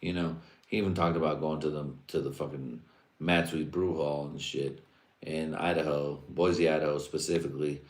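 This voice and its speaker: Deep-voiced profane man rambling. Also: fairly even intonation, normal speed. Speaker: livestream host. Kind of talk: casual rambling monologue. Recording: roomy echo.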